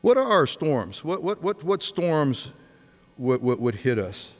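A man in his sixties preaching a sermon, telling stories with energy and dropping to a hush for emphasis. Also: on the high side, a little slow. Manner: animated storytelling, swings from loud to hushed. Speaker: pastor. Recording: long hall reverb.

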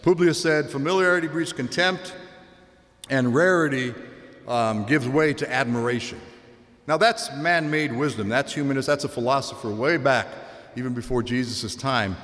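Male preacher, mid pitch, storytelling sermon style with direct questions to the congregation, long hall reverb. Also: normal speed, fairly bright tone. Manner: conversational storytelling, asks the listeners direct questions.

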